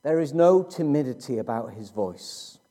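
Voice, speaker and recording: A man preaching a sermon in a slow, emphatic way with dramatic pauses. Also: mid-range voice, expressive, mellow.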